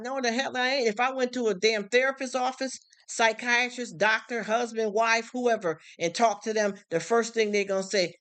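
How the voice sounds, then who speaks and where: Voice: mid-range voice, moderate pace, hardly any pauses, fairly bright tone, clean tone. Emphatic middle-aged livestream host. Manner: emphatic, frank and repetitive, with rhetorical questions. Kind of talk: casual livestream chat answering viewers. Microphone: streaming setup.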